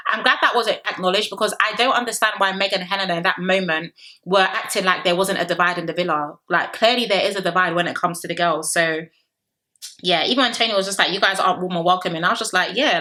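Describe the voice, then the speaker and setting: A woman's voice: mid-range voice, quick pace, bright, forceful tone. A young woman reviewing a reality show in a chatty, sassy commentary vlog full of rhetorical questions.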